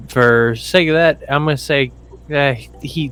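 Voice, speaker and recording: A man speaks slowly and haltingly as a tabletop player, stopping to correct himself. The recording carries faint background noise. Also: on the high side, fairly bright tone. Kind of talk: tabletop role-play chat.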